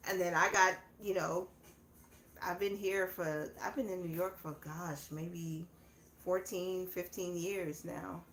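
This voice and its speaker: A woman's voice: fairly low pitch, fairly even intonation, slow pace, fairly bright tone. A woman hosting a laid-back live chat, talking casually with viewers and laughing often. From southern United States. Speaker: livestream host. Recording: echoey room, faint background noise.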